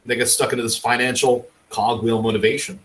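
A man's voice: mid-range voice, flat delivery, a little fast, a bit bright, rough recording. A man from Canada ranting with passion in a casual podcast chat over a video call. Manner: impassioned, ranting. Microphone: video call mic.

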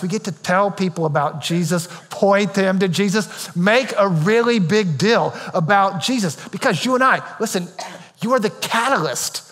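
A man's voice: high voice, fairly bright tone. A man preaching a sermon as pastor, casual and joking, who keeps checking in with his listeners. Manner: conversational and joking, keeps asking "right?". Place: church auditorium. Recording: echoey church hall reverb.

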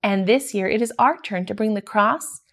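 A woman's voice: mid-range voice, moderate pace, fairly bright tone. A woman reading the lines of a cheerful, watchful young princess in a storybook.

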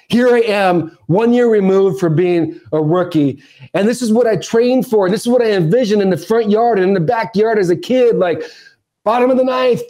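A man in his forties tells a story on a podcast, his voice sitting high for a man. He's animated, rising and dropping a lot and acting out the shouts and asides he quotes. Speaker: podcast guest, former ballplayer. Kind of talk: storytelling interview.

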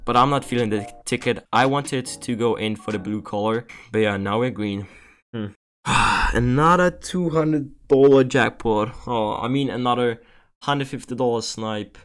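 A young male streamer gives casual gambling commentary in an ordinary mid-pitched voice, begging for wins and griping in frustration. Faint music plays behind him. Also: normal speed, a bit bright. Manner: pleading, exasperated, swearing.

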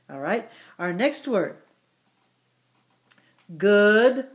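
A middle-aged woman teacher leading a phonics drill for children, repeating each word slowly and encouraging them. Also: mid-range voice, animated. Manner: slow, encouraging, exaggerated word repetition.

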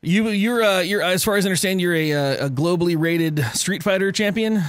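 A man's voice: high voice, fairly quick, no room sound, clean studio sound. A man co-hosting a podcast in casual chat, tipsy, laughing and swearing as he rambles. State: tipsy from cocktails. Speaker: podcast co-host.

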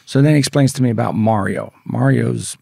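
A man's voice: medium pitch, fairly quick, vocal fry, mellow, breathy edge, dry recording, studio quality. A man who is a podcast guest, telling a story in a blunt, profane, casual way and acting out the dialogue.

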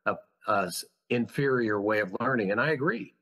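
Speaking fairly quickly in a lowish but fairly bright voice, a school founder shares his journey on a podcast. The conversational storytelling comes across as sincere, heartfelt, and thoughtful.

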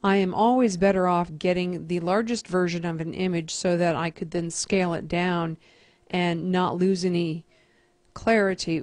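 A woman teacher calmly talking through a computer task step by step in a screen-recorded tutorial. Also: on the low side, dry recording. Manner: methodical, step-by-step instruction.

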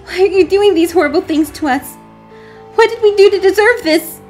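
A shrill, frantic girl in terror. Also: moderate pace, darkish tone, faint music behind. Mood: screaming panic. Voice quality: shrill, broken screaming. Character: panicked young woman, terrified and frantic.

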